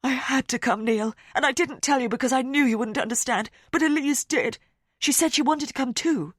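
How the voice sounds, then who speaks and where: A woman's voice: medium pitch, brisk, slightly rough, no room sound, clean studio sound, voice pushed up, natural voice. A woman voicing a distressed, tearful mother who feels guilty.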